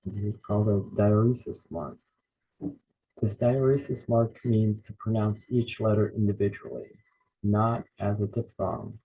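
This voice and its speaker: A man's voice: fairly low pitch, steady tone, a little slow, mellow, slight background noise, poor audio. A man teaching a beginner Bible study lesson, explaining patiently step by step and sounding out words.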